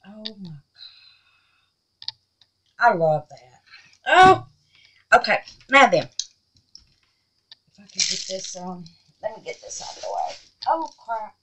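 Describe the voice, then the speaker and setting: Lady doing a craft vlog, slow easy talk, gushy and chatty, calls everybody babies. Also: mid-range voice, very noisy. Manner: chatty, excitable, calls viewers babies and honey. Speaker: resin craft channel host.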